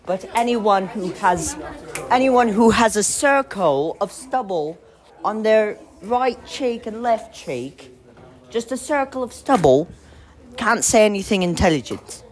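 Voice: mid-range voice, expressive, measured pace. A vlogger chatting casually, joking and teasing friends while wandering a busy public building. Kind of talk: casual vlog chat.

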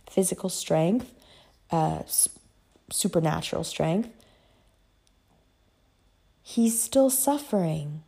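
A woman talking casually about a book series she loves, chatty and profane, telling the story with lively emotion. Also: medium pitch, breathy edge. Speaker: book vlogger. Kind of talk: casual chat.

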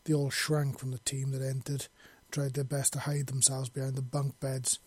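Male fiction narrator, steady delivery, dark husky timbre, dead-dry recording. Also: mid-range voice, moderate pace, dry recording. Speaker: audiobook narrator.

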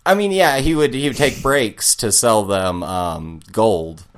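A man bantering casually on a comedy podcast, rambling and halting, laughing often. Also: fairly low pitch.

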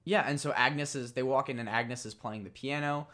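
In a casual podcast chat, a male co-host speaks at medium pitch and a moderate pace, animated and laughing frequently.

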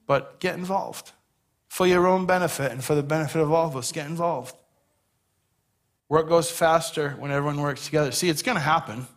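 A man's voice: a little high, fairly quick. A man preaching a sermon as pastor, earnest and conversational, telling stories on himself with a self-deprecating touch.

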